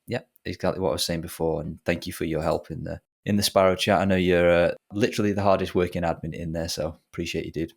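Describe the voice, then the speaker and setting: A man co-hosting a casual podcast, reading listener donations and messages with relaxed, dry humour. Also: low voice, fast talker, gravelly, hardly any pauses. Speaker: podcast co-host.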